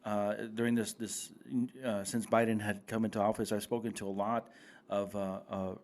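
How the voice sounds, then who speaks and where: A man co-hosting a casual political chat show, earnest and halting, often repeating himself and saying "you know". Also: lowish voice, little pitch movement, darkish tone. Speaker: podcast co-host.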